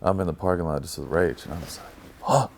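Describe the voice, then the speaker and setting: A man's voice: rumbling low, a little fast, creaky, a little hiss or hum. A young man telling a story as a guest in a casual chat, swearing freely and acting out his own past lines. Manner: profane, animated storyteller.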